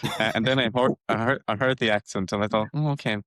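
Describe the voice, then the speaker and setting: A middle-aged man from Cork with a mild Cork accent, a podcast guest talking haltingly with many restarts. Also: lowish voice, fairly even intonation, fairly bright tone, no echo, studio quality. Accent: mild Cork Irish. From Cork, Ireland. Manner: hesitant, many restarts and uhs. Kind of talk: casual chat.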